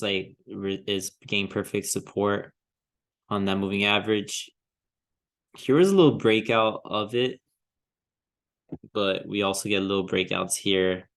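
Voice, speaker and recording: A crypto vlogger with a lowish, gravelly yet fairly bright voice gives relaxed commentary on trading charts. Hesitant as he reasons aloud, he frequently trails off, restarts, and chuckles to himself.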